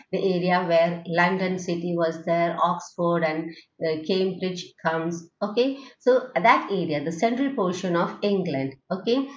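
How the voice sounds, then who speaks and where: A woman teaching English phonetics in a recorded lecture, talking in a hesitant way with many fillers and restarts and checking in with "okay?". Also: fairly low pitch. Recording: dull, lo-fi, roomy recording.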